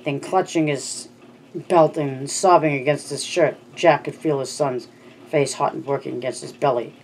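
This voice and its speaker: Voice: mid-range voice, fairly even intonation, moderate pace, slight background noise, rough recording. Audiobook reader who stumbles and restarts. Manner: reads with frequent slips and restarts. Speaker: audiobook narrator. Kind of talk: amateur audiobook reading.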